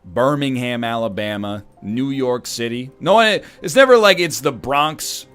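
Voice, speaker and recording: A man's voice: mid-range voice, expressive, unhurried, a bit bright, smooth, faint music behind. A man from Canada giving casual gameplay commentary as a streamer, rambling with joking asides. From Canada (Ontario).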